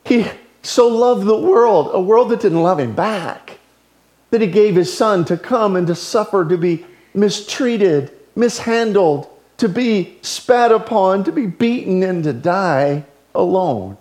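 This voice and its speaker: High, animated male preacher. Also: slow. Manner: animated storytelling with wide swings between loud and hushed. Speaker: pastor. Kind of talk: sermon.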